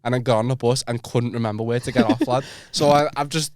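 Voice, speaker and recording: Young scouse lad rattling through a story fast, swears a lot, casual podcast chat. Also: male voice, medium pitch, fairly even intonation, no room sound, clean studio sound. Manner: rambling anecdote, says "lad" constantly, swears. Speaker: podcast co-host.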